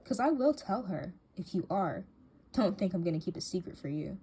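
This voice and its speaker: A woman's voice: on the low side, lively intonation, moderate pace, mellow. A woman voicing a bossy, scheming teen girl in a doll drama, cold and taunting, with faint hiss behind her.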